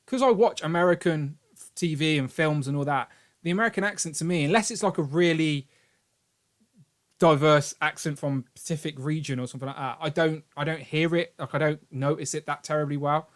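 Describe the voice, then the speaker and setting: A man's voice: a little high, a little fast. Upbeat man hosting a live toy chat. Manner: animated, upbeat, reads viewer comments aloud. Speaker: show host. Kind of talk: casual live-stream chat.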